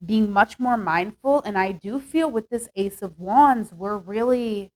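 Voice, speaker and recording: A woman's voice: medium pitch, measured pace, a little mellow, poor audio. A young woman doing a casual tarot reading, talking chattily and upbeat with lots of "like" and "okay". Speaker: tarot reader.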